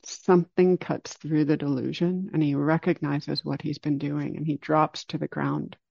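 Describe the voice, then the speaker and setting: A man giving a dharma talk, telling a story in a calm, unhurried way and slowing down for emphasis. It is a dull lo-fi recording. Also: a little high, vocal fry, dry recording. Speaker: meditation teacher.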